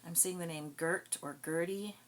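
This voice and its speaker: A woman giving a casual psychic reading, thinking aloud in a slow, musing way. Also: on the low side, slight background noise. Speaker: psychic card reader.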